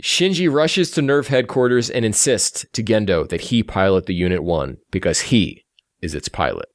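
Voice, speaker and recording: Low-voiced man recapping a film. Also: normal speed, dry recording, studio quality. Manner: animated plot recap with enthusiasm. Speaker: podcast host recapping a film. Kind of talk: casual podcast chat.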